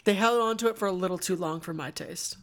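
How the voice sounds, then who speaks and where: A woman co-hosting a podcast, chatting frankly about a movie and giving her verdict at a measured pace. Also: on the low side. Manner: frank, joking, measured when rating. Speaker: podcast co-host. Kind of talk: casual film review chat.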